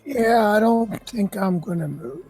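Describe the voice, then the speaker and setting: A man playing in a tabletop game, husky and halting as he readies his action. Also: sits high, animated, a little mellow, soft background music. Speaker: player.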